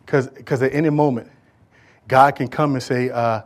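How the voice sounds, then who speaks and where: A middle-aged male pastor preaching a sermon to his congregation, swinging between loud calls and hushed asides. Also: medium pitch, fairly even intonation, fast talker.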